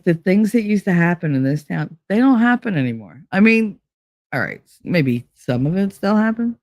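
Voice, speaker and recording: A woman's voice: deep voice, no echo, studio quality. Blunt, profane woman. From Hoboken, New Jersey. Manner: blunt, profane, animated storyteller. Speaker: podcast host. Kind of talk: casual storytelling.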